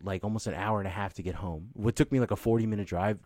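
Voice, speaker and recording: A man's voice: on the low side, quick pace, darkish tone, dry recording. A young man telling a rambling, profane story in casual chat, full of "like" and swearing. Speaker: podcast co-host telling a story.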